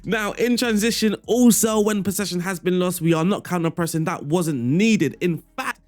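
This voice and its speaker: A man with a somewhat raised pitch walks through a video game strategy in a relaxed, upbeat way. He keeps it playful, dropping little chuckles and asides as he goes. Quiet music sits faintly behind his voice. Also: moderate pace. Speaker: video game tactics creator. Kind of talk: casual gameplay walkthrough commentary. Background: faint background music.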